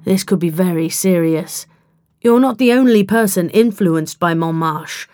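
Woman reading as a calm, wry gentleman time traveller. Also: on the low side, unhurried, natural voice. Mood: explaining.

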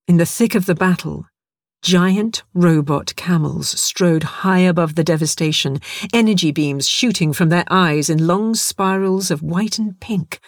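A man's voice: on the high side, no echo, studio quality. A man narrating a first-person story in a vivid, darkly wry way.

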